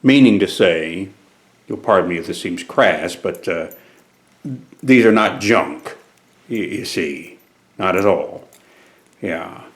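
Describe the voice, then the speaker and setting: A man hosting a deadpan comedic monologue and answering viewer questions. He uses pompous, formal wording broken by frequent hesitant "uh" pauses. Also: low-pitched. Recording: very echoey room, mic far off.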